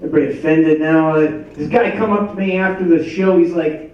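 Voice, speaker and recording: A man opening a stand-up set in a comedy club, slow and self-deprecating as he works the crowd. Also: fairly high pitch, fairly even intonation. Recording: dull, echoey, far-off room recording. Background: crowd laughing.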